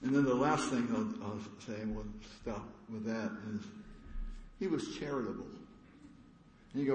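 A man's voice: mid-range voice, lively intonation, moderate pace, a little mellow. A middle-aged man preaching a sermon in a conversational, folksy way, with humorous asides. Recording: echoey hall, faint background noise.

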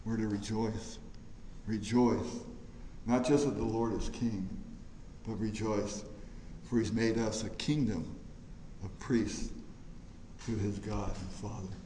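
Slow, emphatic preacher in an echoey hall. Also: male voice, lowish voice, steady tone, slight background noise. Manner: emphatic, swells loud on key phrases then drops quiet. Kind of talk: sermon.

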